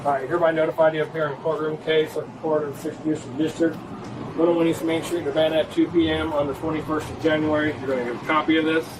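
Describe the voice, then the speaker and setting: Brisk police officer on noisy bodycam. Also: male voice, fairly high pitch, flat delivery. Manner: firm, procedural, reads out a court notice. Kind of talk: bodycam exchange. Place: gas station. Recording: noisy body camera audio from a distance.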